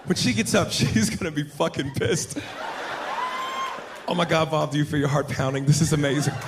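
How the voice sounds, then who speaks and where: A comedian voicing an excited adult male wildlife show host, breathless and mock-earnest. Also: a little high, moderate pace, noisy background, lightly acted. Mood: awed. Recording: live club mic, crowd laughter.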